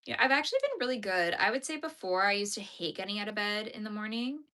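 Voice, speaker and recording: Woman, bright voice, casual livestream chat, answering viewer comments. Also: medium pitch, lively intonation, fast. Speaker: crochet livestream host.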